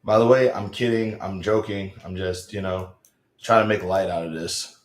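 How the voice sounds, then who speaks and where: A man's voice: low-pitched, steady tone, moderate pace. Rambling, self-mocking man in an echoey room. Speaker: live streamer reading chat. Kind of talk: casual live-stream chat.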